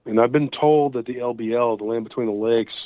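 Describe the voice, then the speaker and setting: A man calls in as a guest and rambles casually through his encounter stories, often restarting and using lots of fillers. His mid-range voice comes at a fairly quick clip over a tinny phone line with no echo.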